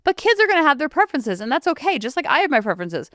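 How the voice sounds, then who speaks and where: A woman's voice: sits high, racing, no room sound, clean studio sound. A woman hosting a parenting podcast, talking in a chatty, rambling way with lots of asides. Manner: animated, chatty, jumps between asides. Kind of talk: casual chatty monologue.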